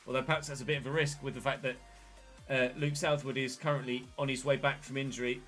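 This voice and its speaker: A man, casually commentating his football management game and breaking into excited shouts at big moments. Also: medium pitch, fast talker, faint music behind. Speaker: gaming channel host.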